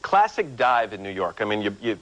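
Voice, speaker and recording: A man's voice: fairly low pitch, a little fast, poor audio. A man telling funny stories as a guest on a late-night talk show in a studio. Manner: animated storyteller, plays voices in anecdotes. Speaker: morning news anchor, talk show guest. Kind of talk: anecdotal talk show chat. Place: TV studio before a live audience. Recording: 1990s VHS TV broadcast.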